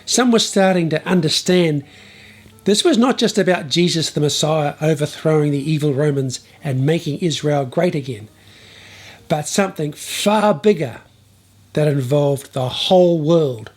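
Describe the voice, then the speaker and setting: A man's voice: on the high side, measured pace. A man telling a bible story in a humorous style, with wry, playful asides.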